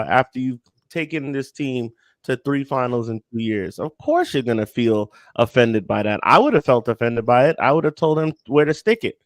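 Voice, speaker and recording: A man's voice: medium pitch, moderate pace, no room sound. A man co-hosting a casual sports talk show, blunt and conversational, talking in hypotheticals. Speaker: co-host.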